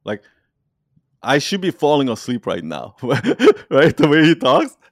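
A man leading an online community, talking casually in an animated, rambling way and laughing often. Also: on the high side, a little slow, no echo, clean studio sound. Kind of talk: casual conversation.

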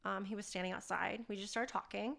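A woman's voice: mid-range voice, steady tone, a little fast, gravelly, a bit bright. A woman hosting a podcast, telling a personal story candidly and with animation. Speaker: podcast host.

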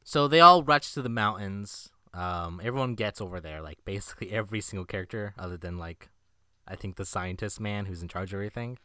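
A man's voice: on the low side, brisk, sharp tone, clear, resonant tone, no echo, studio quality. A man co-hosting a casual movie-review chat, summarizing the plot in a laid-back, wry way. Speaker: podcast co-host.

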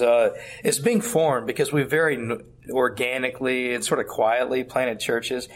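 Earnest middle-aged pastor, mid-range male voice, conversational storyteller. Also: medium pitch. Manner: earnest, storytelling with quoted dialogue. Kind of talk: conversational interview answers. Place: at a church conference.

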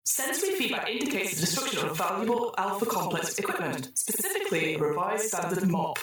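A woman voicing a cheerful, bureaucratic surveillance computer that makes slow, officious announcements. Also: mid-range voice, very animated, a bit bright, far from the mic, slight background noise. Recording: echoey room.

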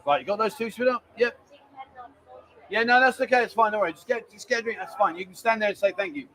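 A man's voice: high-pitched, fast, pushed and bright, a little hiss or hum, low-quality recording. A man with a London accent hosting a casual live show, chatty and joking, often calling people mate and darling. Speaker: host. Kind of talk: casual chat.

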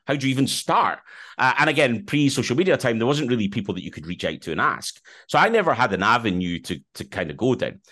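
A man with a Scottish accent, a podcast co-host answering interview questions loudly and slowly. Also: mid-range voice, sing-song, no echo. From Scotland. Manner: loud and slowly spoken.

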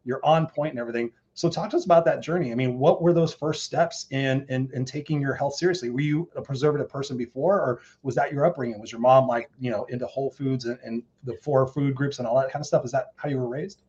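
A man's voice: medium pitch, quick pace, few pauses, darkish tone, lo-fi sound. A man hosting an interview show, talking in an upbeat, rambling way full of fillers. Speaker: podcast host. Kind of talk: casual interview chat.

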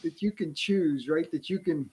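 A man's voice: on the high side, normal speed, a little mellow, breathy edge. A middle-aged man hosting a podcast, talking earnestly in casual conversation and often restarting his phrases. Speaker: podcast host.

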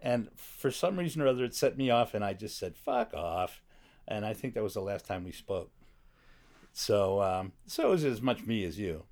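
A man's voice: fairly low pitch, lively intonation, moderate pace, darkish tone. A middle-aged man in casual conversation, reflective and blunt, swearing now and then, speaking from the back room of a recording studio. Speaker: guest.

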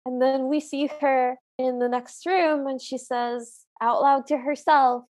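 A woman's voice: high-pitched, steady tone, unhurried, darkish tone, slight background noise. A woman co-hosting a podcast, chatting casually and stating her opinions and dislikes plainly. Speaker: podcast co-host. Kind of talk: casual chat.

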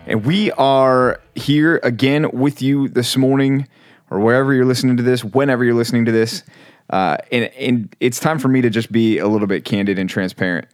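A man hosting a casual faith podcast, telling a story with lively acted-out quotes. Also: medium pitch, moderate pace, no echo, clean studio sound, faint music behind. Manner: animated storyteller, acts out quotes. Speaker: podcast host.

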